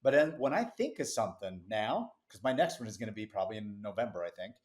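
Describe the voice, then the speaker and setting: Man telling a lively story. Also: lowish voice. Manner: lively anecdotal, quick asides, laughs easily. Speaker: business founder, podcast guest. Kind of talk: casual interview storytelling.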